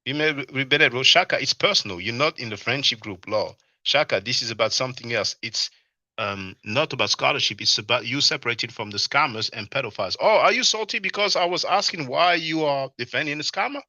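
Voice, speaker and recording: A man's voice: mid-range voice, animated, fairly quick, bright, forceful tone, no room sound, studio quality. A man hosting a casual livestream, laughing often and reading chat comments aloud to answer them. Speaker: livestream host. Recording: dull, lo-fi stream audio.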